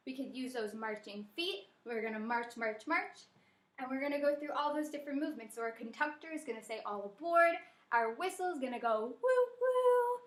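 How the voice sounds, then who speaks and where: A woman's voice: sits high, fairly bright tone. A woman leading a children's song and movement class, giving cheerful step-by-step instructions. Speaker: children's program leader. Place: library program room. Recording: roomy echo with music.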